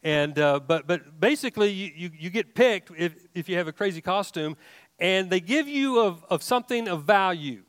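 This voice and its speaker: High-voiced man preaching a sermon. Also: expressive, moderate pace, no echo. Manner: emphatic preaching with rising questions and many restarts. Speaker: pastor.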